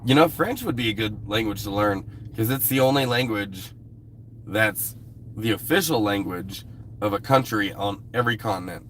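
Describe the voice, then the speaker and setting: Low-voiced man chatting on a livestream. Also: moderate pace, a bit bright, a little hiss or hum. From US West Coast. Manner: loose, rambling and profane. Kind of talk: casual live-stream chat with viewers.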